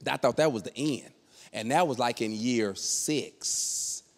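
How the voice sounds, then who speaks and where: A middle-aged comedian delivers storytelling stand-up slowly, in a medium-pitched voice with a big-room sound. He tells his comic story on stage in an animated way, acting out the voices of those in it.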